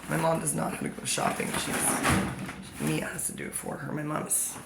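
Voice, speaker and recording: A woman's voice: deep voice, flat delivery, a little fast, vocal fry, very noisy. A woman talking to the camera in a scattered, joking monologue that keeps correcting itself. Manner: scattered, self-correcting, jokey asides. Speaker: vlogger.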